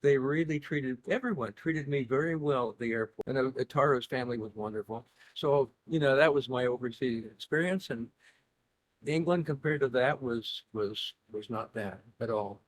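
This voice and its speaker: A man's voice: mid-range voice, moderate pace. Dry-humored man telling rambling stories. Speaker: interview guest. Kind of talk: casual conversation.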